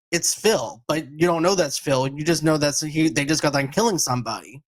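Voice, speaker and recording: A man's voice: a little high, a bit bright. A man with a Boston accent hosting a casual movie chat, talking in an enthusiastic, rambling way. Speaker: podcast host.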